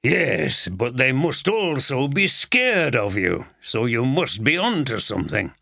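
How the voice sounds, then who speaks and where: A man voicing a gruff, blunt older police chief with a Yorkshire accent, in an audiobook. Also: medium pitch, very animated, unhurried, bright, forceful tone, no room sound, studio quality, heavily acted. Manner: blunt, swears casually.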